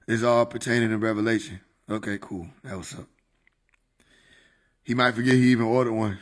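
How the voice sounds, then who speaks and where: A man's voice: lowish voice, steady tone, fairly quick. A man chatting casually on a livestream, laid-back and slangy, laughing often. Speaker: livestream host.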